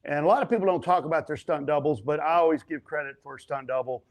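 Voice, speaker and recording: A stuntman and actor telling set stories as an interview guest, animated and chatty, acting out other people's lines. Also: a little high, fast talker. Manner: frequent fillers and restarts. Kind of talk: casual storytelling interview.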